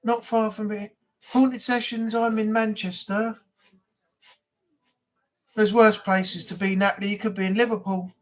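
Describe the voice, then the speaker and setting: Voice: mid-range voice, level tone, measured pace, long pauses. A chatty host from England rambles through a casual live-stream chat. The talk runs loose and conversational, with answers to viewer comments and bits of good-natured ranting.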